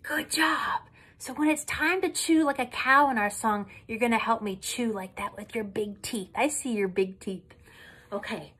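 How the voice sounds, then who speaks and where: A young woman leading a sing-along music lesson for toddlers, animated and coaxing in an exaggerated way. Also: on the high side, moderate pace, slightly rough. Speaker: children's music teacher.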